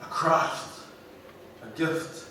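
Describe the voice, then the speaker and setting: A man with a New Zealand accent giving an inspirational graduation speech, slow and emphatic, heard from far off through a hall's speakers. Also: pushed and bright, a little hiss or hum. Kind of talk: ceremonial speech. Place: large school hall. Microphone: PA microphone, recorded from the audience. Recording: echoey hall from far off.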